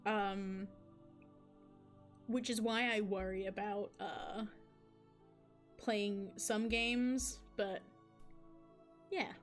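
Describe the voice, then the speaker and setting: A woman's voice: mid-range voice, fairly even intonation, drawn-out words, long pauses, soft background music. A woman streaming a game live, reading the story aloud and chatting with viewers in a casual, laughing way. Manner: chatty, laughs, asides to chat.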